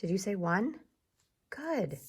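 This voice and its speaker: A woman teacher giving a recorded lesson to young children, patient and encouraging, repeating each word slowly so they can clap along. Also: medium pitch, very animated, noisy background. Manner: slow, patient, encouraging, repeats words for clapping.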